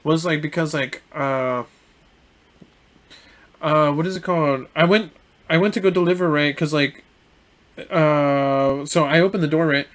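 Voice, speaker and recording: A young man co-hosting a casual podcast, telling a story in halting bursts with many restarts, acting out the other person's lines. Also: a little high. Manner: halting, full of restarts and fillers, acts out quoted lines. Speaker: podcast co-host.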